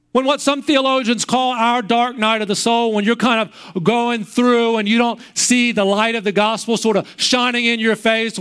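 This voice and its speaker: A male preacher delivers a sermon in a notably high, smooth and clear voice. He works through repeated rhetorical questions and retells the story vividly. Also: fairly bright tone.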